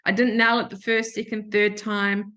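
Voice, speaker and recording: A woman's voice: mid-range voice, level tone, normal speed, pushed and bright. A woman hosting a podcast, telling a candid personal story in a chatty, emotional way and acting out what people said. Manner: chatty and emotional, acts out quoted voices. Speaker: podcast host.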